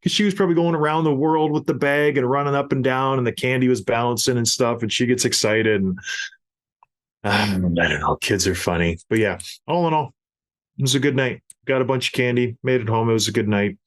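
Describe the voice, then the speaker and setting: A middle-aged man hosting a podcast, telling a family story in a casual, animated way with laughs. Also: mid-range voice, fairly quick. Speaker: podcast host.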